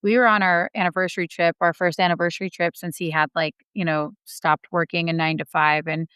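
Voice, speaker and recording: A woman's voice: on the low side, little pitch movement, brisk, a bit bright, clean tone, no echo. A woman telling her side of the story as an interview guest, candid and chatty, laughing between phrases. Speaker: real estate investor guest.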